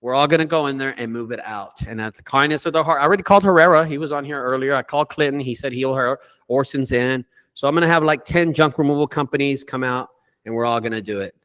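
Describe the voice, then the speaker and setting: A man who owns a junk removal business, telling stories in a casual group call with lots of swearing and animated delivery. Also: mid-range voice, fast talker, clean tone. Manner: profane, animated storyteller.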